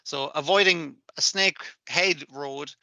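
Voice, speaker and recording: Bright, animated man swearing casually. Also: fairly high pitch, slow, no echo. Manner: animated, swears freely, acts out quotes. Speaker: podcast co-host. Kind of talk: casual chat.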